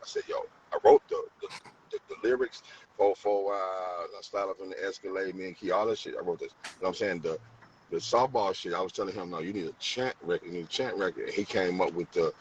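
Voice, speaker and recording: A man's voice: sits low, fast. A man with a St. Louis accent in a casual debate, talking animatedly, repeating phrases and acting out quotes. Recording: distant mic, dull sound, faint room noise.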